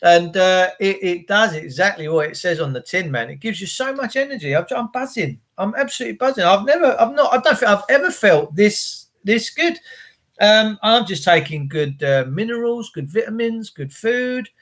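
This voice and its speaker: A man's voice: high-pitched, expressive, normal speed, a bit bright. A man hosting a livestream, rambling and swearing bluntly as he chats. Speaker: livestream host. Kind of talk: casual rambling livestream rant.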